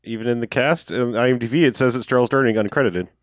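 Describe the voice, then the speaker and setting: A man's voice: medium pitch, quick pace, no room sound, studio quality. A man chatting casually about a movie, hesitant, full of "like"s and restarts, dryly agreeable. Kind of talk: casual movie review chat.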